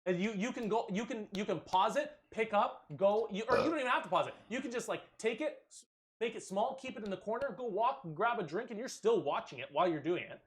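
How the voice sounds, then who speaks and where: Brief: casual podcast co-host, man, slightly high voice, animated, swears a lot. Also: quick pace. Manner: animated, swearing, laughing often. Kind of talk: casual chat.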